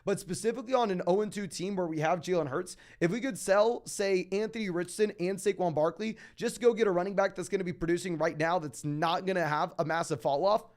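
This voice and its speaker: High-voiced young man giving fast advice. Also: darkish tone. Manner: fast, emphatic, calls listeners "my man". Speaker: fantasy football podcast host. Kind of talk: casual Q&A advice, reading viewer questions.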